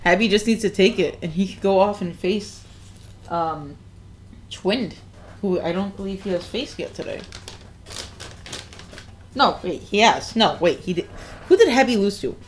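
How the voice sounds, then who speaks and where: A woman's voice: mid-range voice, expressive, unhurried, pauses often, slight background noise. A woman hosting and commentating a tournament in casual chat, laughing often and chatting while she eats. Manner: giggly, laughs often, chats while eating.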